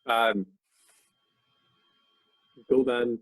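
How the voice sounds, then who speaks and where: A man's voice: mid-range voice, fairly even intonation, very slow, rough recording. A man playing a tabletop game, chatting casually and questioning the others earnestly. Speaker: player.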